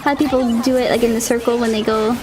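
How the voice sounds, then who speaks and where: A young woman streaming a video game, chatting casually with viewers and reacting with loud shrieks. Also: on the high side, fairly even intonation, quick pace. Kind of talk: casual live-stream chat while gaming. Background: game music and sounds.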